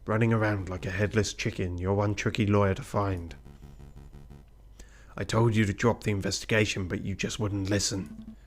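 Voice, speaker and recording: A man doing a low, sinister assassin. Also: steady tone, moderate pace, soft background music, close to an everyday voice. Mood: menacing. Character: menacing hidden male assassin.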